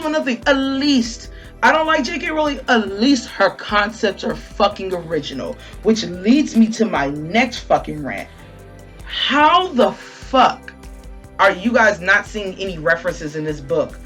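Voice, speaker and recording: A woman's voice: fairly high pitch, animated, measured pace, bright, forceful tone, faint music behind. Profane, heated woman ranting. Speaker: channel host. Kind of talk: ranting commentary.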